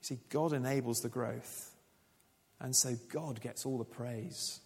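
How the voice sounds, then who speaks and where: A man's voice: mid-range voice, fairly even intonation, measured pace, creaky, a little mellow. Man preaching in a reverberant hall. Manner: conversational preaching with rhetorical questions. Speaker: pastor. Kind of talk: sermon.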